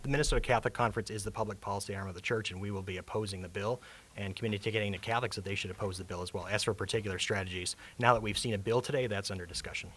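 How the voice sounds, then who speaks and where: A man making a press conference statement, firm and emphatic as he builds his points. He talks fast in a fairly low voice. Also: fairly even intonation, a bit bright, a little hiss or hum. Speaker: executive director of an advocacy group.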